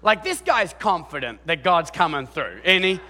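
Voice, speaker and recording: Animated man preaching in a hall. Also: on the high side, moderate pace. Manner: animated, chatty preaching with acted-out quotes and frequent restarts. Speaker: pastor. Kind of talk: sermon.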